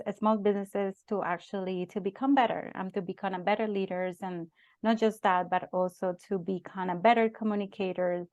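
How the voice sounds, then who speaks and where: A cheerful woman with a Colombian accent who grew up speaking Spanish talks earnestly as a coach. Her voice is middle-pitched. It comes through dry and a bit dull. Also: darkish tone, no echo. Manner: cheerful, earnest, laughs often. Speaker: leadership coach, podcast guest. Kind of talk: interview conversation.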